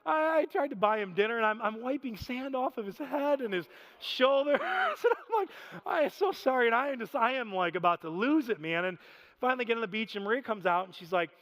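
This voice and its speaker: A man in his thirties preaching a sermon, telling stories in an animated, self-deprecating way with frequent laughter. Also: very high voice, a little fast. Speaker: pastor. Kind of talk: storytelling sermon. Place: church sanctuary. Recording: reverberant church hall.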